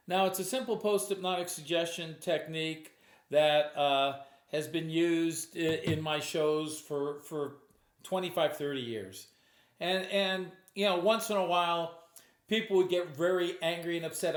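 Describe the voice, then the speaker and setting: A stage hypnotist with a somewhat high voice recounts a true story from one of his shows, speaking casually and conversationally. He often quotes himself, restarting sentences and acting out the lines. The sound is roomy.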